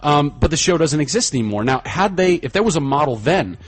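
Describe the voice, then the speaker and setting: A man chatting casually as a podcast guest, enthusiastic and animated, often trailing off into fillers. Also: on the high side, a little fast. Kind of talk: casual chat.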